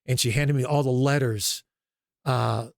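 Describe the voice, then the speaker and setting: A man's voice: medium pitch, measured pace, gravelly, dry recording, clean studio sound. A middle-aged man, a basketball coach as guest, telling stories and acting out quoted dialogue. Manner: animated storyteller, acts out quoted dialogue. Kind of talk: storytelling interview talk.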